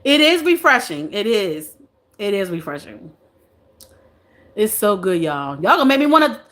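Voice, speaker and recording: Woman in her forties, live stream host, laughs and teases viewers, bright voice. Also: mid-range voice, big pitch swings, moderate pace, long pauses. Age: 40s. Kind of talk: casual live chat reading comments.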